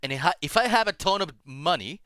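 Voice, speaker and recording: An excitable man chatting casually as a stream guest, his pitch swooping all over as he talks. His tone is bright and forceful, and he stumbles through plenty of fillers. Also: quick pace, clear, resonant tone, dry recording, clean studio sound. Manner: excitable, laughs loudly, many fillers. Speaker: guest Vtuber. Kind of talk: casual collab stream chat.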